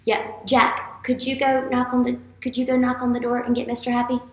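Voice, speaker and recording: A woman teacher leading a playful morning message for young students, with an animated, exaggerated manner. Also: a little high, fairly quick, very noisy. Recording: echoey room.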